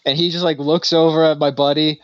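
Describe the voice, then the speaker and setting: A man co-hosting a podcast, telling a rambling story in casual chat and laughing often, with a deadpan delivery when quoting himself. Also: fairly high pitch, fairly quick, smooth, no room sound, highs cut off. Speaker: podcast co-host.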